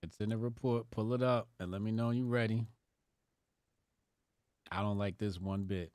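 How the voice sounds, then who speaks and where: A man's voice: lowish voice, steady tone, moderate pace, a little mellow, no echo, studio quality. A man co-hosting a casual podcast with blunt, wisecracking remarks. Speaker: podcast co-host.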